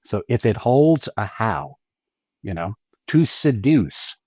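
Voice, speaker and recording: A man co-hosting a podcast about acting, chatting in an animated way, acting out quotes and often laughing. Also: on the low side, takes it slowly, dry recording, clean studio sound. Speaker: podcast co-host and acting teacher. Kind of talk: casual conversational podcast chat.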